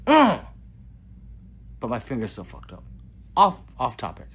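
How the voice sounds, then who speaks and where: A man's voice: fairly low pitch, big pitch swings, a little fast, slightly rough. A man hosting his own gun channel livestream, reading viewer comments aloud and joking back in a loose, casual way. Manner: loose, joking, swings between loud greetings and mutters. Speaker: gun channel host reading live chat.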